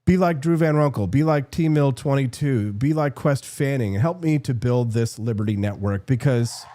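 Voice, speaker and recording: A man hosting a political commentary show, talking in emphatic, repeated rhetorical punches, his voice going hoarse. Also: medium pitch, normal speed, dark tone. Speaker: host.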